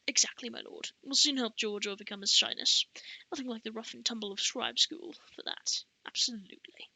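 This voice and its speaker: A woman's voice: fairly high pitch, brisk, creaky, pushed and bright, no room sound, full character voice. Woman voicing a pompous talkative scribe master. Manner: pompous, repeats himself. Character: fussy talkative middle-aged male scribe master.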